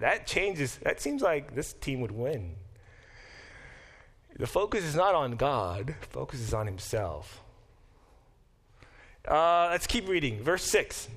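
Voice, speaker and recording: A male professor lectures in a classroom, his somewhat high voice jumping up and dropping back down as he explains. He talks in an animated, self-deprecating way, with restarts and quick asides. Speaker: professor teaching a Bible class.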